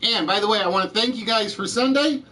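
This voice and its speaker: A man's voice: high-pitched, fast talker, pushed and bright, poor audio. Chatty Southern US man hosting a game show. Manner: chatty, greets and answers viewers from the chat.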